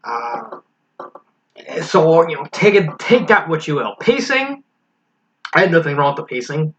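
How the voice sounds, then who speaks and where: A man with a fairly high, sharply bright voice gives a frank, critical review in a casual spoken way. He talks his points through aloud as he goes. The recording is a little dull and lo-fi, with a faint hiss underneath. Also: big pitch swings, a little slow. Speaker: fan fiction reviewer.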